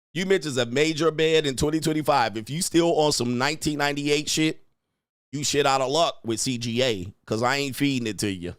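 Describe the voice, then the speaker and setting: A man's voice: medium pitch, fairly quick, clean tone, no room sound, clean studio sound. A man hosting his own livestream, talking straight to his viewers in a brash, profane, mocking way and taunting them. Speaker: livestream host. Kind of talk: livestream rant to chat.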